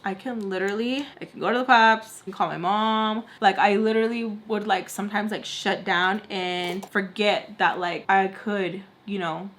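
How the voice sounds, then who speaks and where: A woman's voice: medium pitch, fairly even intonation, moderate pace, hardly any pauses, a bit bright. Chatty woman telling a storytime. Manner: chatty, many "like" fillers, acts out quotes. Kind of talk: casual storytime chat.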